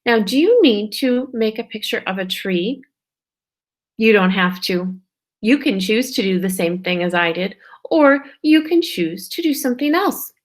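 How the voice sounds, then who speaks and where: Woman teacher, kindergarten phonics lesson; slow pace, draws out each sound, gentle check-ins. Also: mid-range voice, expressive. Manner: stretches out sounds and words slowly, checks in with "okay?". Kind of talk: slow, patient phonics lesson for young children.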